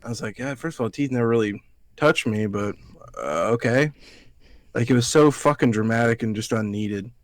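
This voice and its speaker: The recording is dry, and the man's mid-range voice moves at a moderate pace. He is a podcast co-host from Alabama who tells rambling, foul-mouthed stories in casual conversation, acting out quotes from other people.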